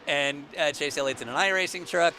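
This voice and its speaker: A man's voice: fairly high pitch, fairly quick, pushed and bright, slight background noise. A man co-hosting a casual racing chat over a video call, joking and sarcastic, slipping into mock play-by-play. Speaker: podcast co-host.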